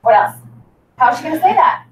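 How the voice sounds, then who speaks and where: A woman's voice: sits high, sing-song, fast talker, slight background noise. A woman teacher leading a reading lesson, coaxing and prompting her students in an upbeat way. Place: classroom. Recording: echoey classroom from far off.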